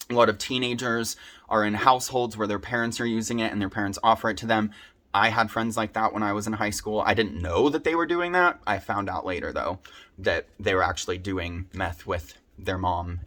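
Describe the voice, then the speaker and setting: A man's voice: fairly low pitch, a bit bright. A young man speaking earnestly and from the heart to his viewers, sharing advice from his own experience in a personal video. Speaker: vlogger sharing his recovery story. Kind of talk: personal advice talk to camera.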